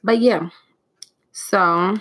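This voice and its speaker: A woman's voice: mid-range voice, extremely slow, a bit bright. A woman hosting a solo podcast, talking casually in a rambling, scattered way with frequent restarts, audibly frustrated and flustered. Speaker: podcast host.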